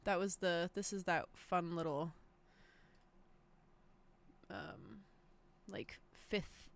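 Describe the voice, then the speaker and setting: A woman's voice: on the low side, drawn-out words. A woman musician on a livestream chatting about how she produced her song, casual, self-deprecating and swearing freely. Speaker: musician streaming a production breakdown.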